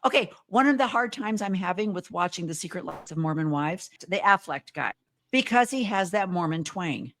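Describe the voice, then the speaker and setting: Animated woman hosting a chat. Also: lowish voice, moderate pace. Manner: animated, exclamatory. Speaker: podcast host. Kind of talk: casual chat.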